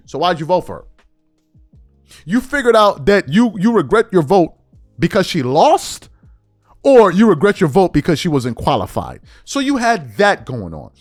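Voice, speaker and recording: A man's voice: high voice, sing-song, normal speed, no echo. A man hosting a podcast, giving heated political commentary and reading news articles aloud with incredulous questions. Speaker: podcast host.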